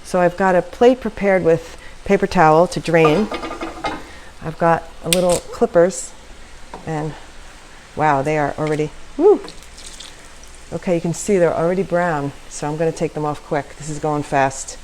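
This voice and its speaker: A woman's voice: low voice, moderate pace, darkish tone, a little hiss or hum, poor audio. A woman chatting casually while demonstrating a recipe in her home kitchen, giggling and laughing at herself often. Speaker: home cooking vlogger.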